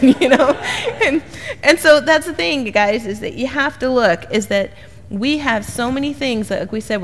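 A middle-aged woman teaching the Bible in a casual, animated way, acting out the people in her stories. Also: medium pitch, in a large hall. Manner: animated storyteller, quotes people in voices.

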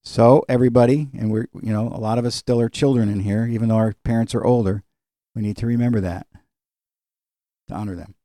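A man's voice: medium pitch, steady tone, a little fast, warm tone, no room sound, studio quality. A middle-aged man leading an informal Bible study, talking in a conversational, digressive way with fillers and chuckles. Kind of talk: informal Bible teaching with personal stories.

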